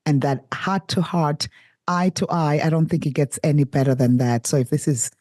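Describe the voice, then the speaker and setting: A woman's voice: deep voice, fairly even intonation, normal speed, darkish tone, no room sound, studio quality. A woman hosting a podcast interview, speaking enthusiastically with effusive praise for her guest. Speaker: podcast host.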